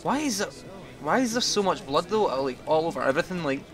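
A man's voice: fairly high pitch, expressive, fast talker, crowd noise. A young man giving casual, jokey commentary while playing a video game, talking to his viewers. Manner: chatty, jokey, talks to viewers. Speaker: gaming commentator. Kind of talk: casual let's-play commentary.

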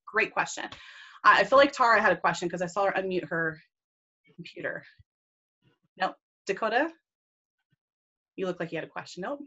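A woman's voice: medium pitch, expressive, normal speed, long pauses, bright, forceful tone, highs cut off. A woman leading a team video call, enthusiastic, casual and gushing as she encourages her group. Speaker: team leader and mentor.

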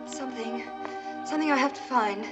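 A woman's voice: on the high side, fairly quick, dull audio, music in the background, lightly acted. An actress playing an anxious young woman desperately searching for a list of papers in a film scene. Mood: urgent.

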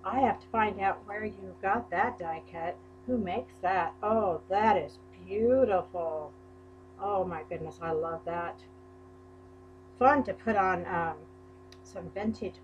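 A crafting YouTuber unboxes a mail package on camera, gushing and exclaiming over every item. Her medium-pitched voice moves at a slow pace, and the rough recording carries a slight hiss or hum.

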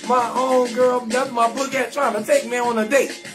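A man hosting a live comedy stream, shouting out viewers and roasting their names in a loud, sing-song, laughing way. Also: very high-pitched, little pitch movement, normal speed, music in the background.

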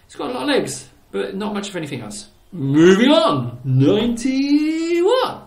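Man, gaming host, giggly and teasing, slightly high voice, echoey room. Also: huge pitch swings, a little fast, creaky. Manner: giggly, teasing his old builds with playful exclamations. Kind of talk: casual gameplay commentary. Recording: roomy echo.

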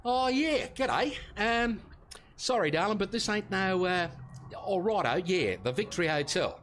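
An actor playing an easygoing, slow-witted security guard with an Australian accent, rambling and hesitant in video game dialogue. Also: male voice, sits high, expressive, a bit bright. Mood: flustered. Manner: rambling, hesitant, full of slang.

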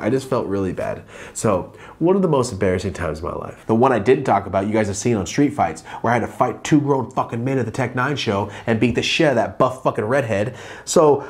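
Foul-mouthed, animated male storyteller. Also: fairly quick. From Los Angeles, living there now. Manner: profane, animated, acts out quotes with big pitch jumps. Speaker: vlogger telling a story. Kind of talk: casual storytelling vlog.

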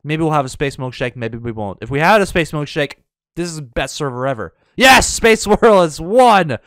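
A man with a high, smooth voice talks through his gameplay in a casual way. He lurches between panicky pleading and dry, sarcastic indifference. The sound is dry and close. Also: normal speed, dry recording. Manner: excitable, panicky yelps and dramatic pleading; sarcastic, mock-indifferent asides. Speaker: gaming YouTuber.

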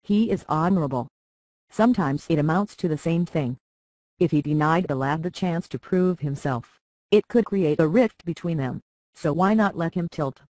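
A reader voicing a calm, calculating middle-aged lord who speaks in measured, persuasive tones, in an audiobook. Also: mid-range voice, no echo, natural voice, rough recording. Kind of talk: audiobook character reading.

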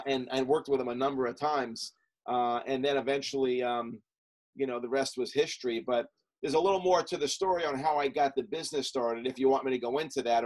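A middle-aged man, a guest on a podcast, talks about his start as a coach. He rattles off quick lists and fills the gaps with "you know" and "um". His voice sits at an ordinary pitch for a man. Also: rough recording. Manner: animated, talks in quick lists with many fillers. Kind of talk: casual storytelling interview.

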